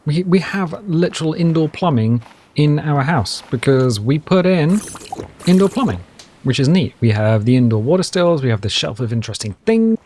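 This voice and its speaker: A man's voice: medium pitch, darkish tone. A man hosting a survival game let's play, chatting casually and rambling with hummed asides as he plays. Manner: chatty, rambling, hums and asides while playing. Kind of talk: casual gameplay commentary.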